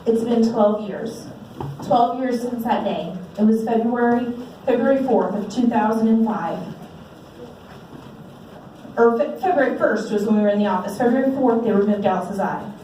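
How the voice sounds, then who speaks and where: A woman's voice: on the high side, normal speed, mellow, slight background noise. A woman in her forties gives an earnest, heartfelt personal testimony to an audience at a fundraiser, speaking into a handheld microphone. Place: large event hall. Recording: very echoey hall, distant mic.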